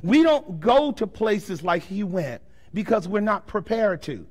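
High-voiced, fiery man preaching. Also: big pitch swings. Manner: emphatic, rhetorical questions to the congregation; swings from loud, forceful declarations to soft, slow passages. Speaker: pastor. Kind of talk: sermon.

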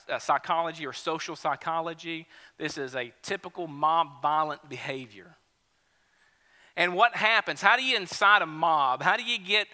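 A male pastor, preaching a sermon in a relaxed, conversational, storytelling way. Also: fairly high pitch, big-room sound. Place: church sanctuary.

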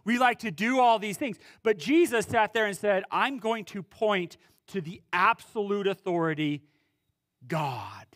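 A man preaching a sermon as pastor, pausing dramatically and swinging between loud emphasis and quiet, low words. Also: dry recording, studio quality. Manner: preaching with dramatic pauses and wide swings in pitch and loudness.

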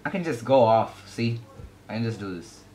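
A young man giving casual gameplay commentary, excitable and yelping at the game. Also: mid-range voice, moderate pace, slight background noise. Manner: excitable, yelps and shrieks at the game. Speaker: gaming YouTuber.

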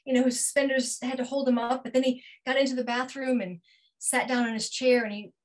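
A middle-aged woman telling a personal story over a video call, acting out dialogue with big jumps in pitch and sinking to a hush at tender moments. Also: little pitch movement, a little fast, poor audio. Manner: drops to a hushed near-whisper at tender moments. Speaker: featured storyteller.

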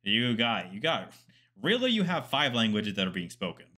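A man's voice: fairly low pitch, big pitch swings, moderate pace, pushed and bright, a little hiss or hum. A man, a military historian, commenting casually on a documentary, chatty and digressive with asides and fillers.

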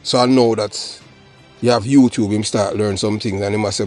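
A man's voice: fairly low pitch, steady tone, normal speed, darkish tone, faint music behind. A Jamaican man hosting his own channel, delivering a rambling, emphatic solo commentary that mixes patois with English. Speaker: channel host.

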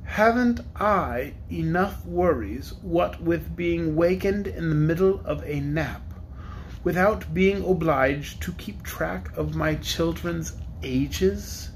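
A man voicing a grumbling mother dragon just woken from a long nap, speaking in a slow, peevish drawl. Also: fairly high pitch, slight background noise, poor audio.

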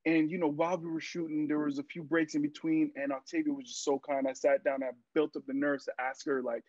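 A young man and actor, a podcast guest, telling stories in a casual interview, lively and full of fillers as he acts out what people said. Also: fairly high pitch, brisk, hardly any pauses, no room sound. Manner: animated storyteller, acts out quotes, many fillers. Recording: dry, muffled lo-fi sound.

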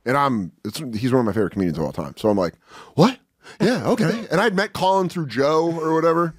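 A man in his forties chats as a comedian guest on a podcast, telling an anecdote and doing quick voices for each person in it. His voice sits mid-range but swings up and down with energy. The sound is dry and close, with no room behind it. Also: medium pitch, dry recording. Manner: animated storyteller acting out other people's lines. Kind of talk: casual podcast chat. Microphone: studio podcast mic.

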